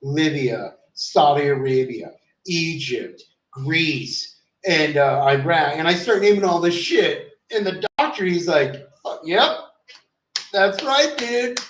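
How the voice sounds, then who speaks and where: With a fairly high pitch and a fairly bright tone, the male vlogger speaks slowly, loosely rambling through a story in casual conversation. Curses come easily, and he trails off in fillers. The sound is echoey, recorded far from the mic.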